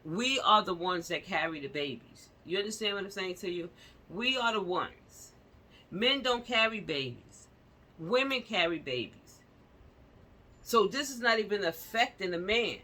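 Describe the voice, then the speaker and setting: A woman's voice: medium pitch, lively intonation, a little slow, pushed and bright. A woman vlogger at home, giving impassioned casual commentary on a news story and speaking straight to her viewers with repeated fillers.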